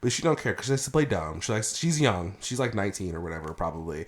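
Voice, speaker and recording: A man's voice: deep voice, fast talker, few pauses. A man hosting a casual podcast, ranting animatedly with plenty of cursing. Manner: heated, profane ranting; animated storytelling. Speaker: podcast host.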